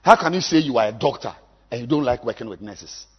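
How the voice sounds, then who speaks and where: Man, pastor, sermon, husky, wide-ranging pitch. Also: lively intonation, fast, muffled recording. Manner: swings from low musing to shouted exhortation. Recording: long hall reverb.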